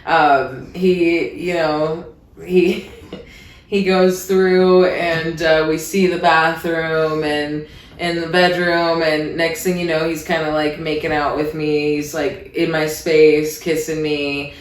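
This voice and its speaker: A woman's voice: deep voice, flat delivery, slow pace. A woman from Iowa hosting a podcast, telling a candid story in a chatty, casual way with wry asides. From Iowa, USA. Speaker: podcast host. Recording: roomy echo.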